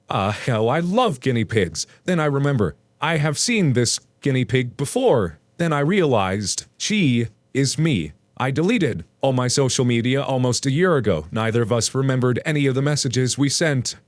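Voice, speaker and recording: A man's voice: mid-range voice, no echo. A man reading Reddit stories aloud and breaking off into rambling, self-mocking asides. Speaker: Reddit story reader.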